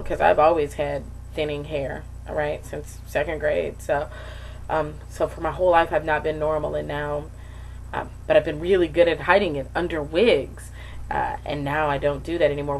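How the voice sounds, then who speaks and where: Frank, low-voiced woman vlogging candidly. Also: normal speed, creaky, a little hiss or hum, poor audio. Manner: frank, emotional, rambling with many fillers. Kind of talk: candid personal video diary.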